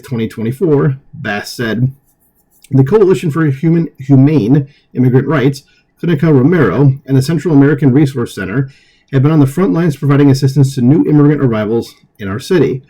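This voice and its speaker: A man with a mellow, dark voice hosts a political commentary show. He reads an article aloud and keeps stepping away from it for loose, conversational asides. His delivery is casual, full of fillers and small chuckles. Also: mid-range voice.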